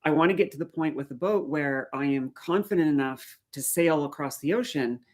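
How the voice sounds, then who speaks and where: Speaking briskly in a low voice, a middle-aged Maritime Canadian woman with a faint accent of the region keeps up a casual live-stream chat, responding to viewers' comments along the way.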